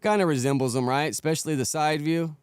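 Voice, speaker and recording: A man's voice: fairly high pitch, fast, heavy background noise. A man hosting a podcast, giving easygoing, wandering commentary. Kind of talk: casual podcast chat.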